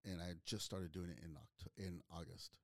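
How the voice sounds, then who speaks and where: A man's voice: low voice, steady tone, normal speed, creaky, dry recording, clean studio sound. A man from Northern California, a comedian guest, telling stories in a blunt, direct way with casual cursing. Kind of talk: casual storytelling.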